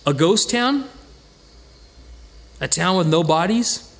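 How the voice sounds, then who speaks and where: Man, Bible study teacher, casual and lively, frequent restarts, slightly high voice. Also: a little slow, pauses often, a little hiss or hum. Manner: conversational, animated, acts out quoted voices, many restarts.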